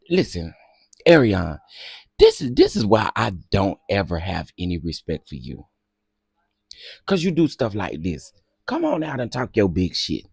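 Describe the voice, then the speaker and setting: A man hosting a casual gossip commentary, sassy and dramatic, who often bursts into loud laughter. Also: medium pitch, gravelly, slightly rough, dry recording, clean studio sound.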